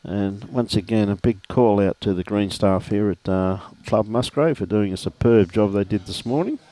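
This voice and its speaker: Here a middle-aged Australian man, his voice fairly low-pitched and dark in tone, talks at a normal speed. He's commentating a lawn bowls livestream casually and matily, giving shout-outs to viewers by name along the way.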